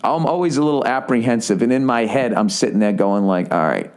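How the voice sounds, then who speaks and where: Brisk and a little mellow, this podcast host in his forties talks alone in a mid-range voice. His lengthy story is self-deprecating and foul-mouthed, with lots of restarts and side remarks.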